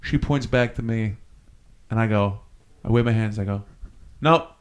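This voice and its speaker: A man's voice: fairly low pitch, fairly even intonation, moderate pace, darkish tone, smooth. A young man co-hosting a podcast, telling loose stories in casual chat and swearing freely. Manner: laid-back storyteller, swears freely. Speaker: podcast co-host.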